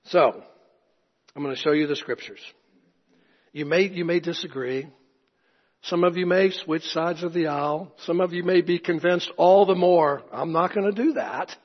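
Male pastor, fairly high husky voice, relaxed sermon delivery with chuckling asides, echoey church hall, dull recording. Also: normal speed. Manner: conversational, anecdotal, chuckling asides.

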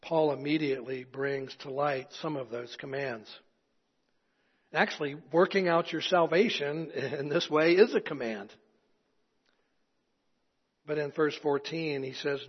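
Give me an earnest preacher in an echoey hall. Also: male voice, fairly high pitch, slightly rough. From East Tennessee. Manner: earnest preaching with folksy asides and rhetorical questions. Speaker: pastor. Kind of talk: sermon. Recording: echoey hall, dull lo-fi sound.

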